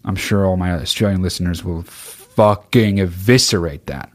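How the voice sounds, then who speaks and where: Low-voiced man hosting a podcast, blunt and profane, rambling chat. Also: moderate pace. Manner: swears constantly, rambling and blunt. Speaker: podcast host. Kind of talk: casual chat answering listener questions.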